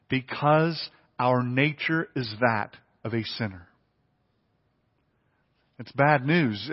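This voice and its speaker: A man's voice: fairly high pitch, husky. A man preaching a sermon with earnest emphasis, often repeating his phrases for weight. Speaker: pastor. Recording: dull audio with long hall reverb.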